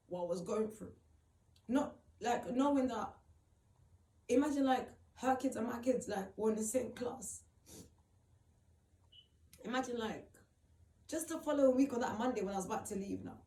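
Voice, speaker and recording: A woman's voice: medium pitch, a little mellow. Young woman, echoey room. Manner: rambling, retells conversations with quoted voices. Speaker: vlogger. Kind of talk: emotional storytelling to camera. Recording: echoey room, far from the mic.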